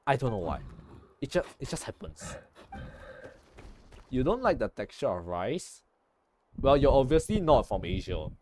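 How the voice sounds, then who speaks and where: A man's voice: mid-range voice, very animated, unhurried, long pauses, warm tone, a little hiss or hum. A young man chatting casually over gameplay, joking and correcting himself with many restarts. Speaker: gaming streamer.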